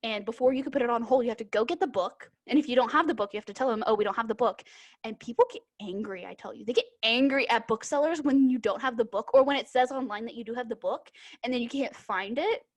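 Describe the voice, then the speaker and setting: A woman's voice: on the high side, fast, few pauses. A young woman co-hosting a casual podcast, chatting with lots of fillers and restarts. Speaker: podcast co-host, bookseller. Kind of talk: casual chat.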